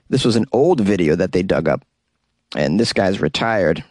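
A man's voice: lowish voice, darkish tone, no room sound. A man hosting a comedic news show, reading stories aloud and breaking off into jokey asides.

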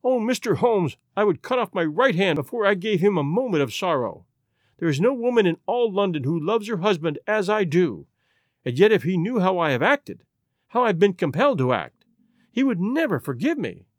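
A man's voice: high-pitched, very animated, moderate pace, no room sound, clean studio sound. A man voicing a desperate pleading noblewoman. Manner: pleading, emotional. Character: desperate young noblewoman pleading to save her marriage. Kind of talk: audiobook reading.

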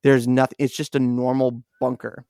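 A man co-hosting a podcast, telling a story in animated casual chat, swearing freely and acting out what people said. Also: medium pitch, moderate pace, creaky, no room sound, studio quality. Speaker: podcast co-host.

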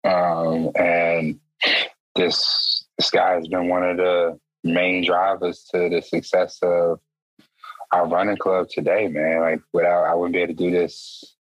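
A man from Chicago co-hosts a podcast in a relaxed, slangy, joking way. His voice sits very low and sounds husky, and he is sick with a stuffy nose. The remote recording sounds dull and dry. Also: a little slow, dry recording. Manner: laid-back, slangy, joking. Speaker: podcast co-host. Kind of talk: casual chat.

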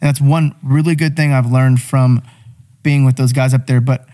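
A man's voice: medium pitch, fairly even intonation, moderate pace, mellow. Young man, podcast guest, swears freely, pushy motivational talk. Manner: blunt, profane, motivational. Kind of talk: casual podcast chat.

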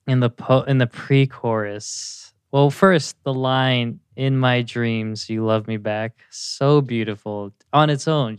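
A man co-hosting a music podcast, chatting casually and gushing about a song with many pauses and fillers. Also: medium pitch, clear, resonant tone, no echo. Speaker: podcast co-host.

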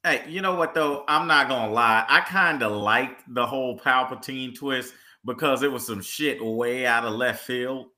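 Bright-voiced, laid-back man co-hosting. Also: mid-range voice, moderate pace, few pauses. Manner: laid-back, hesitant, lots of filler words. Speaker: podcast co-host. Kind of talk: casual movie review chat.

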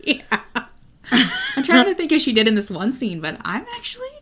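A woman's voice: high voice, huge pitch swings, normal speed, fairly bright tone, slight background noise. A woman co-hosting a podcast in casual book chat, frank and crude, often laughing. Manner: frank, giggly, crude humor. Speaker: podcast co-host.

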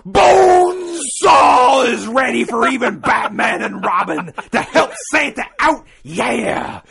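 A man doing a loud impression of a famous pro wrestler, drawling and growling over the top. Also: extremely high pitch, gravelly, voice pushed up, heavily acted.

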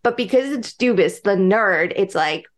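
A woman co-hosting a hockey podcast in casual chat, animated and acting out bits. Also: mid-range voice, normal speed. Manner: animated, acts out scenes with loud put-on voices. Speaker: podcast co-host.

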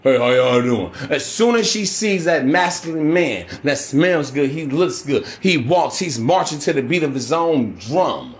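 A man hosting a podcast, delivering a brash, profane, preachy monologue. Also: on the high side. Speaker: podcast host. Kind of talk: ranting monologue.

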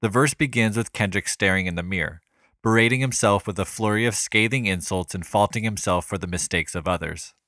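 A man hosting a podcast, reading a scripted music analysis in a measured, even way. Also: on the low side, dry recording, studio quality. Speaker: podcast host.

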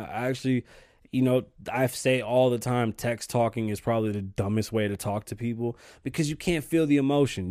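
A young man hosting his own podcast, ranting casually and cursing a lot, flaring up in heated bursts and then sinking back to a low mutter. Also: dark tone, dry recording, studio quality. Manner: profane, heated rants that drop to low muttering. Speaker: podcast host.

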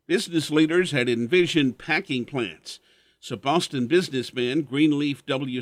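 A man's voice: mid-range voice, dry recording. A man hosting a radio show, telling stories in a folksy, chuckling way. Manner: chuckling storyteller. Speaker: host.

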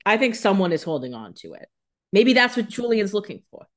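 A woman's voice: mid-range voice, very animated, fairly quick. A woman co-hosting a podcast, joking and blunt in casual banter. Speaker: podcast co-host.

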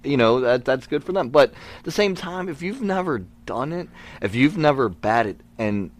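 A man at a middle pitch talks earnestly about his working life. He speaks plainly and often stops to restart his sentences. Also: lively intonation, normal speed. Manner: earnest, reflective, with many restarts. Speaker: guest, former wrestler. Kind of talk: casual conversation.

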